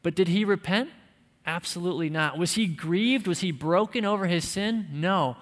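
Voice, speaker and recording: A man's voice: high voice, moderate pace, long reverb tail. A man preaching a sermon to men, emphatic and conversational, with touches of light humor. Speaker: pastor.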